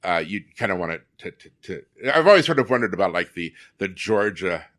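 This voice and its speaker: Older man, deep voice, digressive storyteller guest. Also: sing-song, brisk, fairly bright tone. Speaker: guest, fair performer. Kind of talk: casual interview chat.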